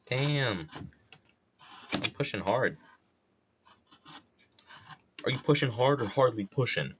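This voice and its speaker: A man's voice: mid-range voice, animated, takes it slowly, background noise. A man from New York streaming live, rambling casually in a self-mocking, loosely profane way with a plain, neutral accent.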